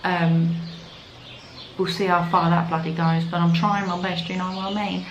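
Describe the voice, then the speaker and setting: A woman's voice: lowish voice, little pitch movement, moderate pace, echoey room, muffled recording, a little hiss or hum. A young woman with a London accent chatting casually to camera as a vlogger, filling her talk with "like". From London, England. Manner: chatty, full of "like" fillers. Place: outdoors in the evening.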